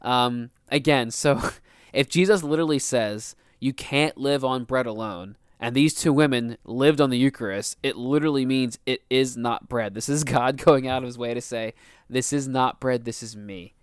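A man's voice: mid-range voice, normal speed, clean tone, dry recording, studio quality. A man co-hosting a casual faith podcast, a youth minister who tells stories earnestly and laughs often.

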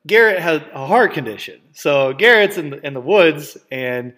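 A man's voice: on the high side, lively intonation, normal speed, sharp tone. A man from Wisconsin hosting a podcast, telling a story casually, rambling with fillers, laughs and swearing. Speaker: podcast host and coach.

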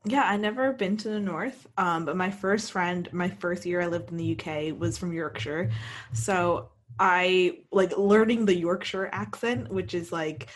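A woman guest on a podcast, chatting in a relaxed way and laughing easily. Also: lowish voice, a little slow. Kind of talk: casual chat.

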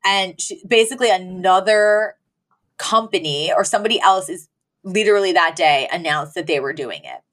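Her voice lowish and her pace moderate, a woman co-hosting a podcast gives a lively, casual summary of an episode, voicing the characters' lines along the way.

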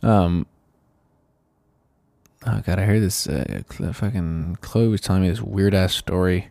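A man with a very low voice co-hosts a loose podcast chat. He meanders through his thoughts with plenty of fillers and silly tangents. The sound is close and dry, with no room in it. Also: unhurried, gravelly, pauses often, warm tone, dry recording. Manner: rambling, lots of fillers and goofy bits. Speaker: podcast co-host. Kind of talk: casual chat.

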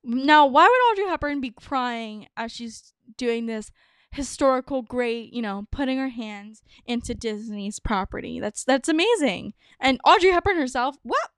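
A young adult woman hosting a podcast, telling stories in a chatty, excitable way with lots of fillers. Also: a little high, moderate pace, clear, resonant tone, no room sound, studio quality. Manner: chatty, many "like"s, bubbly and excitable. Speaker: podcast host. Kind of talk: casual storytelling monologue.

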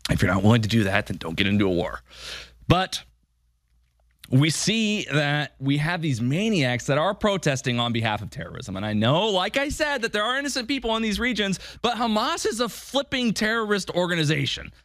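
A man's voice: a little high, sing-song, brisk, fairly bright tone, no echo, studio quality. A man hosting a political podcast, delivering an emphatic commentary monologue full of rhetorical questions. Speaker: podcast host.

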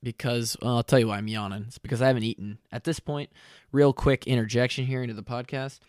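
A tired young man talks through his solo podcast in a loose, rambling way, stopping to correct himself and filling gaps with ums. His voice is smooth and clear, and it sounds close and dry with no room around it. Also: medium pitch, fairly even intonation, fast talker, darkish tone, dry recording. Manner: rambling, self-correcting, with many fillers. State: tired and lightheaded from fasting. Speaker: podcast host. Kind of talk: casual solo podcast talk.

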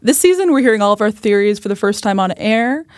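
A woman co-hosting a podcast in casual chat, eager and argumentative, retelling scenes with excitement. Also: medium pitch, quick pace, dry recording, studio quality. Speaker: podcast co-host.

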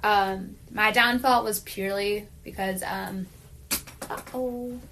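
A woman co-hosting a laid-back chat show. She tells stories in a chatty, animated way and fills her sentences with "like". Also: medium pitch, takes it slowly, a little hiss or hum. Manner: chatty, animated storytelling with frequent "like". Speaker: podcast co-host. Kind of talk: casual chat.

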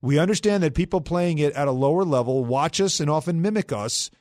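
A man hosting a sports talk radio show, brisk and emphatic, on a studio mic. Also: a little high, darkish tone, no echo. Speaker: host.

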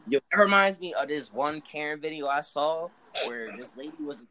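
A man's voice: fairly high pitch, expressive, normal speed, pushed and bright, poor audio. A young man chatting casually with friends, full of slang and telling stories. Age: young adult. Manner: slangy, storytelling, repeats "bro".

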